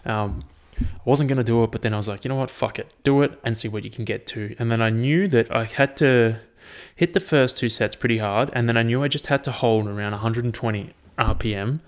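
A young man with a mid-range voice casually recaps his training, talking briskly with hardly any pauses. He rambles in an upbeat way and swears freely.

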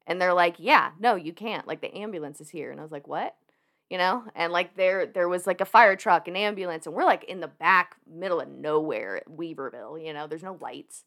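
A young woman with a lowish voice speaks a little fast as a podcast guest, telling a personal story. She's animated and chatty, laughing often and using lots of fillers in casual storytelling.

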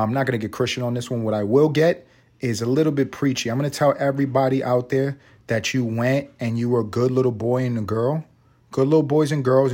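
Profane sarcastic New man ranting. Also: medium pitch. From Harlem, New York. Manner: profane, sarcastic, animated, reads news aloud and riffs. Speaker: podcast host. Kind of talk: solo podcast rant.

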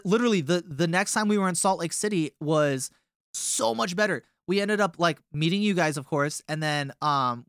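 A man's voice: a little high, fairly bright tone, clean tone, no echo, clean studio sound. A young man from a touring band telling a long tour story in a casual, rambling way with many fillers.

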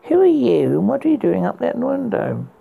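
A man's voice: high-pitched, wildly swooping pitch, slow pace, gravelly, narrow, tinny audio, heavily acted. A man reading aloud and voicing an arrogant, roguish young prince who gives commands haughtily. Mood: commanding.

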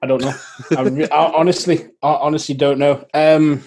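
A man's voice: fairly high pitch, little pitch movement, normal speed, darkish tone. A man who is a guest on a podcast, talking casually in a rueful, hesitant way.

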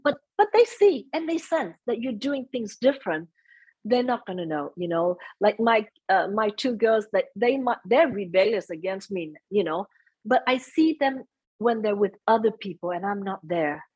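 A soft-spoken woman being interviewed, chatting casually and mixing in Vietnamese phrases. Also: medium pitch, lively intonation, normal speed, breathy edge, no echo, rough recording. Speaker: interview guest. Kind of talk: casual conversation.

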